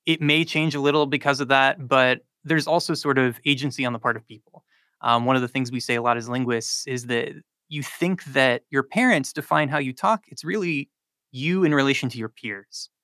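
A male linguistics professor from North Carolina explains his findings in a fluent, lecturing way, with frequent likes and ums. His voice is bright and forward, and it sounds close and dry in the studio. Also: mid-range voice, moderate pace, no echo. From South Charlotte, North Carolina. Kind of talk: radio interview answers.

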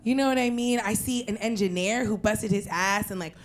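A young woman from Queens telling a personal story in an animated, profane way, breaking into loud shouted quotes. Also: medium pitch, fairly quick. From Queens, New York.

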